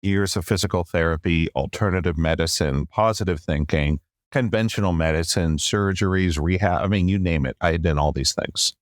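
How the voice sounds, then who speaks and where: A middle-aged man in a podcast interview, telling a long personal story with lively acted-out quotes and a habit of saying "long story short". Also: sits low, moderate pace, dry recording, studio quality. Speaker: podcast guest.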